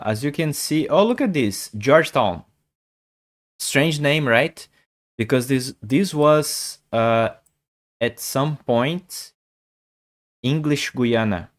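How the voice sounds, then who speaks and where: Man in his forties, casual chess streamer, rambles and repeats himself. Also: mid-range voice. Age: 40s. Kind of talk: casual live-stream chat.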